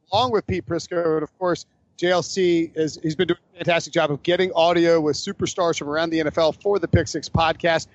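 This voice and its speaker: A man with a high voice hosts a casual sports podcast, rambling, joking, and frequently correcting himself mid-sentence. The recording sounds dry and muffled.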